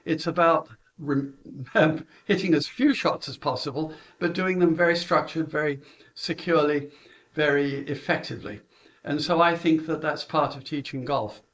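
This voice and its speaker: A middle-aged British golf coach chattily recounts how he runs his junior lessons, chuckling and using filler words. His voice is a little high and fairly bright, with fairly even intonation at a moderate pace.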